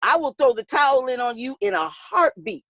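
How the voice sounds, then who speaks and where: A boxing coach in a woman's high voice tells a lively story, acting out the voices of the people in it. She laughs often as she talks. The sound is dry, with no room echo. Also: a little fast, vocal fry. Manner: animated, acts out quoted voices, laughs often. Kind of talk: storytelling in an interview.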